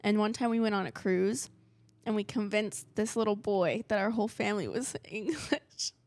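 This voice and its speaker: A woman's voice: mid-range voice, normal speed, darkish tone, no echo, clean studio sound. A young woman co-hosting a podcast in casual chat, giggly and prone to slipping into a put-on British accent. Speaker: podcast co-host.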